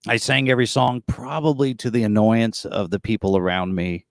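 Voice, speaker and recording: A man around forty speaks on a video call from the front seat of a tour bus, his voice sitting low and sounding close and dry. He tells his stories in an easygoing, rambling way, full of fillers. He is a guest recounting his life as a tribute performer. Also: steady tone, normal speed, gravelly, no echo. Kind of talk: casual storytelling interview.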